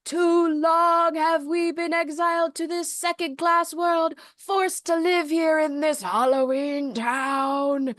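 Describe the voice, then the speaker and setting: A woman voicing a grandiose male warlock villain, delivering a slow, pompous speech. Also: very high-pitched, level tone, fairly bright tone, no echo, studio quality, pitched above the performer's own voice, exaggerated voice.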